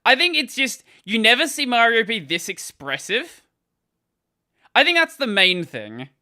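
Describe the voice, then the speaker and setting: A man's voice: extremely high pitch, sing-song, unhurried, sharp tone. A man streaming games who rambles casually, laughs often and keeps restarting his sentences as he reacts. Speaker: gaming streamer. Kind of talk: casual live-stream commentary.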